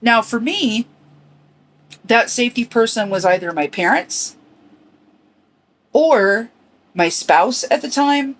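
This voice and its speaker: A middle-aged woman hosting a personal podcast, speaking earnestly and reflectively in short, halting phrases. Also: a little high. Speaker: podcast host.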